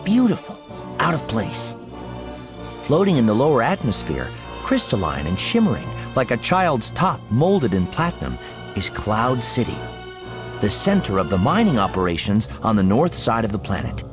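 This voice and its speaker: Expressive male storybook narrator. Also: on the low side, moderate pace. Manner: expressive, playful, vivid. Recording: background music under the voice.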